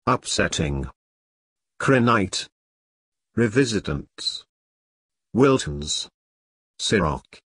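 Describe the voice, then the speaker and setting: A man reading out a vocabulary list one word at a time, with pauses between words. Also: fairly low pitch, fairly bright tone, husky, no room sound, studio quality.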